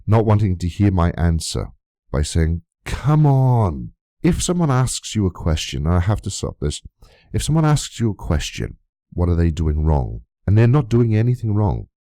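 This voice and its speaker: A man's voice: low-pitched, warm tone, no echo, clean studio sound. A man giving a vlog rebuttal, reading out old messages and asking again and again where the abuse is, indignant and swearing freely. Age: adult, long friendship of nearly twenty years. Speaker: YouTuber.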